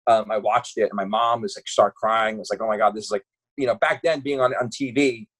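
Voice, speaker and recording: A man's voice: fairly low pitch, fast talker, husky. A man, telling stories in a casual podcast chat, acting out the voices of the people he quotes. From Brooklyn, New York. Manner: animated, acts out quoted voices, lots of swearing and fillers. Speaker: podcast guest. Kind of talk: casual storytelling.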